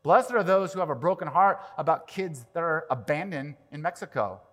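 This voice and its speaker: A man preaching a sermon as pastor, animated, swinging from quiet to loud and acting out quoted prayers. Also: a little high, moderate pace. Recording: long reverb of a large hall.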